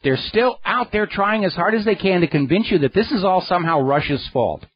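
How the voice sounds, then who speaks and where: A man's voice: high voice, animated, brisk, breathy edge. A man hosting a radio talk show, delivering a sarcastic, indignant political monologue into a studio microphone. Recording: dry, slightly dull radio studio sound.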